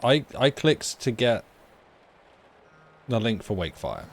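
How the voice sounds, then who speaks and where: A man's voice: mid-range voice, huge pitch swings, measured pace, gravelly. A man hosting a live stream, chatting casually and rambling through explanations of a tech mishap with plenty of fillers. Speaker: streamer and host.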